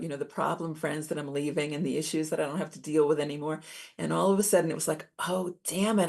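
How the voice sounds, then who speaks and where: Low, gravelly woman presenting on stress. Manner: calm, validating, explains step by step. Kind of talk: talk on stress and coping.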